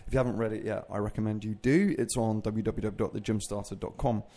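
A man speaks fast in a fairly low, dark voice with a steady tone. He's a fitness coach and host of his own podcast, chatting casually and ramblingly by himself and joking at his own expense.

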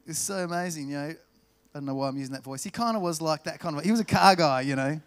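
A man with an Australian accent preaching a sermon, telling stories and slowing down to stress key words. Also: fairly high pitch. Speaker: pastor.

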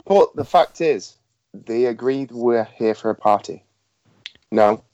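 A tabletop game player chatting casually with quick, playful in-character asides. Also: mid-range voice, a little mellow, no room sound. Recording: dull lo-fi dry mic.

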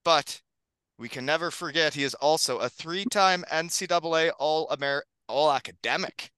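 A man's voice: a little high, moderate pace, sharp tone, clean tone, dry recording. A man hosting a casual hockey podcast, upbeat and joking, often laughing. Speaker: podcast host.

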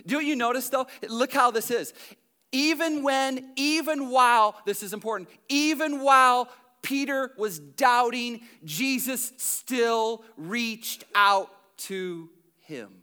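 Pastor guy preaching in church, high bright voice, goes loud then real quiet. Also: slow pace, clear, resonant tone. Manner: dynamic preaching, swinging from loud to hushed. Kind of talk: sermon.

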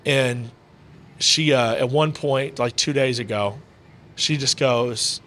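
A man's voice: medium pitch, takes it slowly, a bit bright. Candid man telling a personal story. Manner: candid, rambling, peppered with "you know" and "bro". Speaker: podcast guest, combat sports ring announcer. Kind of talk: casual heartfelt storytelling. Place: indoor VR arcade he owns.

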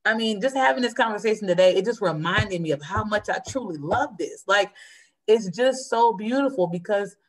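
Woman, heartfelt churchgoer, fast and earnest, mid-pitched voice. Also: expressive. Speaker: churchgoer sharing testimony. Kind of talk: casual faith conversation.

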